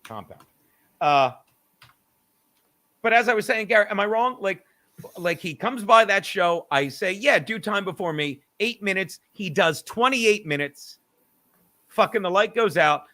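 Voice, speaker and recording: High, bright-voiced man ranting. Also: a little slow, pauses often. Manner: animated, swearing, argues with self, laughs often. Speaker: podcast host. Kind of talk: casual comedic rant.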